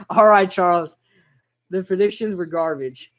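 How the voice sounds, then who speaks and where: Young man, high voice, excitable live-stream game reaction, chatty with viewers. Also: slow. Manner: excitable, chatty, reads out chat names. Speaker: livestreamer reacting to a football game. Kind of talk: casual live-stream commentary.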